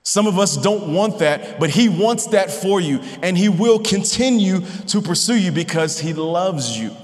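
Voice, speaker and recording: Male pastor, 30s, bright high voice, relaxed conversational sermon delivery, reverberant hall. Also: unhurried. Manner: casual, conversational preaching with personal stories.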